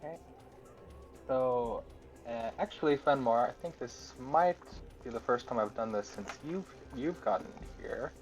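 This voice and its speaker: A man's voice: medium pitch, unhurried, soft background music. A man playing a tabletop game, chatting casually about his character's actions. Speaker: player.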